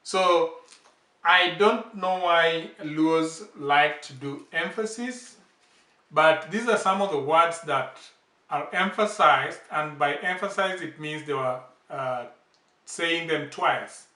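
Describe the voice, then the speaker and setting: A man teaches a casual language lesson in a slow, deliberate way. He repeats each example word carefully, and his voice is bright and fairly high. He sits back from the mic in a roomy, echoey space. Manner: slow, patient explanations with repeated example words. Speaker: language channel host. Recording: roomy echo, distant from the mic.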